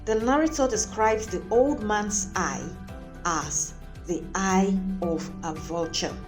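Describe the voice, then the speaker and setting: A woman's voice: mid-range voice, takes it slowly, music in the background. A woman teacher giving a lesson, explaining points carefully, repeating them and checking in with her listeners. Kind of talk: classroom lesson on literary tone.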